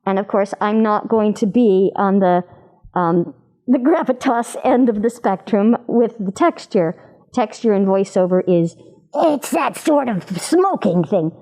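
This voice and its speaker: Woman voice actor chatting in an interview, warm mellow tone, lively and showing off voices. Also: mid-range voice. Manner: animated, demonstrates voices while explaining. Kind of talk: convention interview chat.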